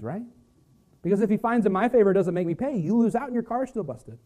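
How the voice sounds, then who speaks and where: A male pastor preaching a sermon, swinging from loud emphasis to hushed, quiet lines. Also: high voice.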